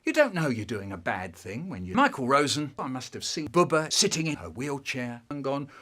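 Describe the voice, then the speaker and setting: A man telling a comic childhood story in an animated way, acting out voices. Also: mid-range voice, normal speed.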